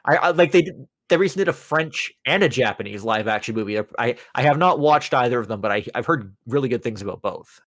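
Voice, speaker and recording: Stammering, medium-pitched man hosting a chat. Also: animated, fast talker, a bit bright, no echo. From Canada. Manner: stammering restarts, thoughtful. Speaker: podcast host. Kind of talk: casual interview chat.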